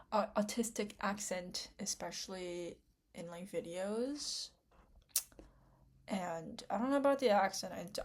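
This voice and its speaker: A woman's voice: lowish voice, vocal fry. A young woman rambling to camera in an unedited vlog, tearful, with many fillers, restarts and self-interruptions. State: tearful after crying. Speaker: vlogger.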